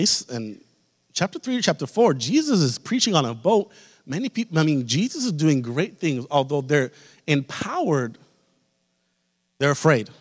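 A man in the pastor's role preaching a sermon with an American accent, building to forceful emphasis and asking repeated rhetorical questions. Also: mid-range voice. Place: church sanctuary. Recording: long hall reverb.

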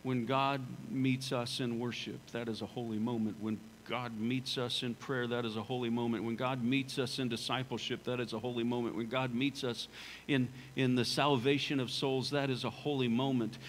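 Conversational preacher man, mid-pitched. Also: flat delivery, normal speed, a little hiss or hum, poor audio. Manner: conversational storytelling preacher, repeats phrases for emphasis. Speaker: pastor. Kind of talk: sermon. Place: church sanctuary.

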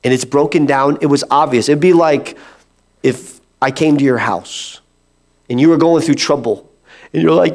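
A male pastor preaching an animated, conversational sermon, slipping into playful mock voices. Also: fairly high pitch, moderate pace.

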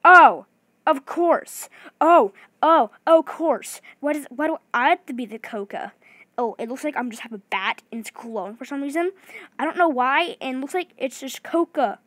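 A woman with a fairly high voice gives eager gameplay commentary, tumbling over her words and restarting sentences. The recording is close and dry, with no room sound. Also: no room sound. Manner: excitable, fast-talking, many restarts. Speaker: gaming video creator.

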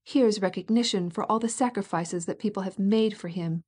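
A proud princess, bitter and cutting, her words edged with wounded resentment, as a woman reads her in an audiobook. The tone is mellow and dark rather than shrill. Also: brisk, slightly rough, lightly acted. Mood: bitter, indignant.

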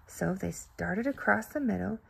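A woman reading a children's storybook aloud in an expressive, playful way. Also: medium pitch, unhurried, vocal fry, a little hiss or hum.

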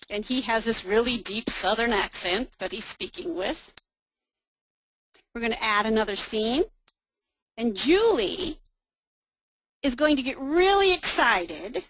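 A woman's voice: a little high, lively intonation, a little slow, long pauses, fairly bright tone, no echo, poor audio. Upbeat woman presenting a webinar demo. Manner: upbeat, explaining step by step. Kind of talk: software demo walkthrough.

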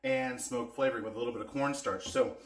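This cooking vlog host is a man with a medium-pitched voice, fairly even intonation and a fast delivery, recorded with a roomy sound. He chats casually with viewers while eagerly taste-testing spice blends.

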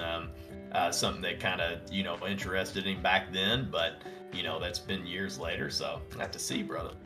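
A man with a Southern American accent hosting a casual live stock-trading stream, reading out ticker prices and answering viewers' chat with bursts of excitement. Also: low voice. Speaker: stock trading livestream host. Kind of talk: casual live market commentary.

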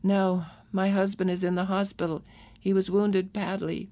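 A woman's voice: mid-range voice, flat delivery, normal speed, warm tone, lightly acted. A woman voicing a grieving young mother held prisoner, speaking in distraught, pleading lines in an audiobook.

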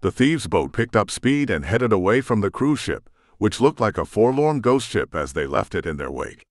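A man reads a novel aloud with a deep, animated voice that rises and falls freely. The recording is close and dry, with no room around it. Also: moderate pace, no echo. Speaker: audiobook narrator. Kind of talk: scripted audiobook narration.

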